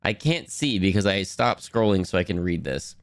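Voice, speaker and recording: A man's voice: deep voice, animated, moderate pace, no room sound, clean studio sound. A man chatting casually with viewers on a live stream, laughing often, his voice a little worn from talking.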